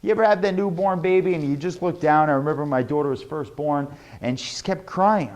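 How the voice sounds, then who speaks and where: A young adult man teaching a sales lesson, animated and demonstrating tones with his own voice. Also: high voice, a little fast, hardly any pauses. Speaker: sales trainer.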